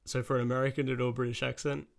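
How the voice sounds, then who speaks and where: An Australian man hosting a music reaction, talking loosely with a gravelly, fry-edged voice. He rambles and swears freely, filling gaps with "like" and "um". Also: medium pitch, level tone, very fast, slight background noise. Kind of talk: casual reaction commentary.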